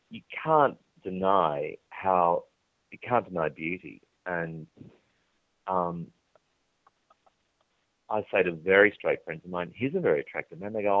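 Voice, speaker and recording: A man's voice: low-pitched, no room sound. A male TV presenter being interviewed, telling chatty, candid stories and acting out the dialogue in them. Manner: lively storyteller who acts out quoted dialogue. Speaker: TV presenter guest. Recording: dry, tinny phone-like line.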